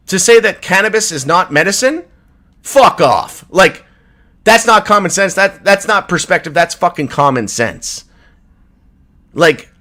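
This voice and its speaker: A man hosting a crypto livestream who rants angrily and swears, with outbursts that drop into low mutters. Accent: Canadian English. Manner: furious, profane, swinging from shouting to low mutters. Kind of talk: angry livestream rant.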